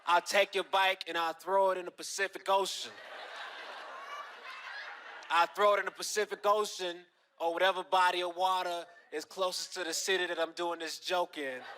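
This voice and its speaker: A man doing stand-up comedy, telling stories in a deadpan way with punchy asides. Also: sits high, background noise.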